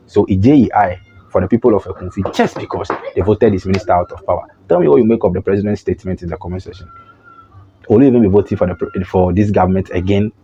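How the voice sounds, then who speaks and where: A deep-voiced man with a Ghanaian accent vlogs opinionated political commentary, animated and mocking, often starting his sentences over. The recording is dull and lo-fi with slight background noise.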